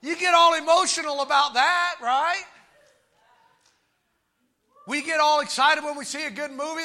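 A man preaching with exuberant shouting and calling out to his congregation. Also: extremely high pitch, moderate pace, long pauses. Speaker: pastor. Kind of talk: sermon.

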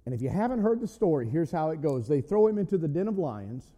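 A male pastor preaching a sermon in an animated way, often shouting. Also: fairly high pitch, quick pace, big-room sound.

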